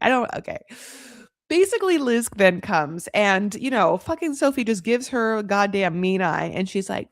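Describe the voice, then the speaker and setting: A woman's voice: mid-range voice, very animated, normal speed, dry recording, studio quality. A woman hosting a reality-TV recap who talks in candid, profane, gossipy casual commentary, filled with "like".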